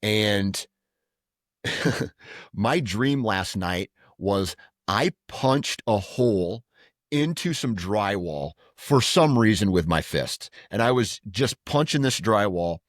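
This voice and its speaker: A middle-aged podcast co-host tells rambling stories in casual chat, restarting often. His lowish voice is animated and slow-paced, recorded in clean studio sound with no echo.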